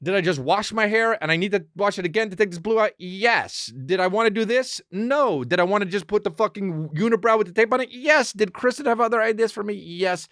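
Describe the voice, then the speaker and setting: A man hosting a podcast, riffing through a loose, profane comedic monologue. His voice sits a bit high for a man, and the sound is dry and close with no room around it. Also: brisk, hardly any pauses, no room sound. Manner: rambling, profane, animated storytelling. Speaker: podcast host.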